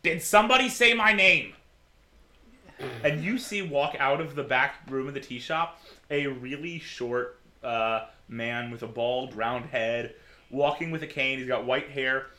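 A man's voice: mid-range voice, unhurried, pushed and bright. A man narrating as game master of a tabletop role-playing game, often laughing as he talks.

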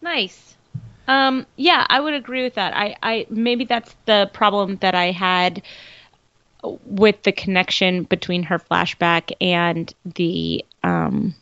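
A woman's voice: mid-range voice, expressive, slow, fairly bright tone, dry recording, highs cut off. Agreeable woman co-hosting a podcast. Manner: agreeable, playful. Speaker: podcast co-host. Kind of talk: casual TV recap chat.

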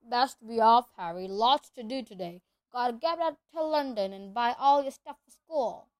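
A woman doing Hagrid, a loud hearty giant. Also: fairly high pitch, moderate pace, no room sound, natural voice. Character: huge friendly bearded giant man, gruff. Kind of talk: audiobook character voice.

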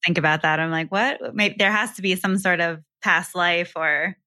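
A woman co-hosts a podcast, her fairly low voice carrying a bright edge. She chats eagerly and jumps in with follow-up questions. The sound is dry and close. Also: fairly even intonation, moderate pace, no echo. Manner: eager, conversational, asks follow-ups. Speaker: podcast co-host. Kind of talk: casual interview chat.

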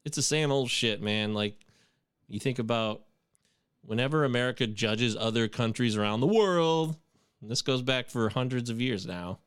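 A man hosting a casual podcast, chatting in an animated, profane way. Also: mid-range voice, normal speed, clean tone, no room sound, clean studio sound. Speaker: podcast host. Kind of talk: casual chat.

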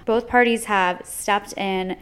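A woman's voice: medium pitch, steady tone, slow pace, a bit bright, clean tone. Chatty young woman co-hosting a news podcast. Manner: chatty, jokey asides, says "like" often. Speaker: podcast co-host. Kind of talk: casual news chat.

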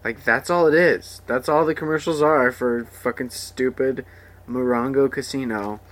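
A man's voice: medium pitch, normal speed, a bit bright. A young man hosting a podcast, ranting crudely and sarcastically about things he hates, mocking the voices of ads. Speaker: podcast host. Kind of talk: profane rambling rant.

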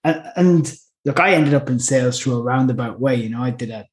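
A man's voice: mid-range voice, a little fast. A man co-hosting a podcast in a chatty, easygoing way, laughing easily and restarting his sentences. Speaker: podcast co-host. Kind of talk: casual podcast chat. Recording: roomy echo.

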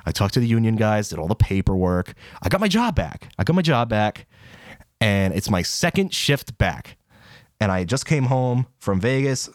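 A man's voice: big pitch swings, normal speed, dry recording, clean studio sound. A young man, a college student, co-hosting a podcast and telling a long story with swearing and laughter. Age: young adult. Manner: rambling storyteller, swearing, laughing, voice jumps high in quotes. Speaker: podcast co-host. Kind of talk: casual chat.

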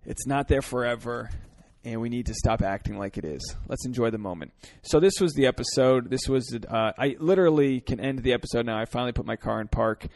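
A man hosting a solo podcast from his parked car, ranting earnestly with lots of swearing, swinging between fired-up pleas and quieter reflection. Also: mid-range voice, dry recording. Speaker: podcast host.

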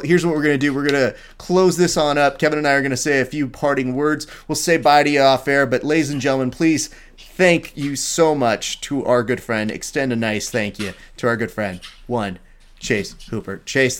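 A man's voice: mid-range voice, fairly quick. A man co-hosting a grappling podcast, loose and joking, swearing casually as he talks with a guest. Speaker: podcast co-host.

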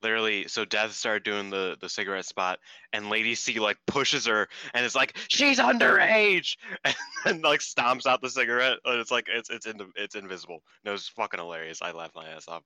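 A very deep-voiced man rambling through casual podcast chat and swearing freely. His tone is strikingly sharp and forward. His voice sounds smooth and resonant, even as he trips over his words. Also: brisk, no room sound, low-quality recording. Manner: rambling, swears freely, lots of fillers and restarts. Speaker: podcast co-host.

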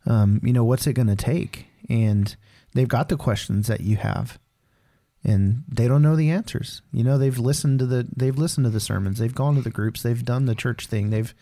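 A man's voice: medium pitch, normal speed, dark tone. A man hosting a faith conversation, thoughtful and supportive, sometimes searching for words. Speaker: podcast host. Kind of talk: casual conversation.

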